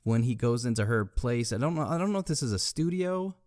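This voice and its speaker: A man's voice: medium pitch, expressive, brisk, darkish tone, no room sound, studio quality. A man co-hosting a podcast in casual chat, describing scenes step by step with fillers and light laughs. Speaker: podcast co-host.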